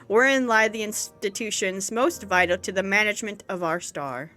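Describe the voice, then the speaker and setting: A woman voicing a gentle, fatherly ancient giant man who speaks in a polite, formal way. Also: medium pitch, normal speed, soft background music, lightly acted. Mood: kindly.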